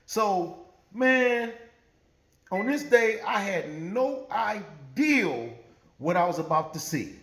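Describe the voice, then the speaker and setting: Man, casual profane storytelling, lively high voice, gravelly, roomy echo. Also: takes it slowly. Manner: profane, animated, laughing often.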